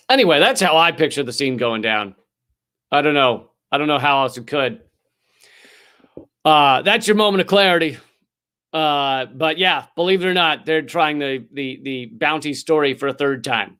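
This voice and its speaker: A man hosting a comedy news show, delivering a sarcastic, profane rant with sudden swings in pitch and mock voices. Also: lively intonation, normal speed, bright, forceful tone, clean tone.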